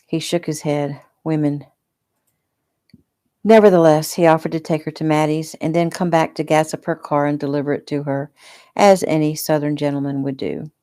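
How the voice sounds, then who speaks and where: Author narrating her own book, low-pitched woman, easygoing and unpolished. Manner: relaxed, unpolished reading. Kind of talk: casual audiobook narration.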